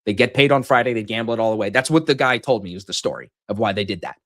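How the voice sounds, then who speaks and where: A podcast host with a lowish voice races through a long gambling story in casual chat. He swears freely and acts out what people said, shouting the quotes with animated, profane energy.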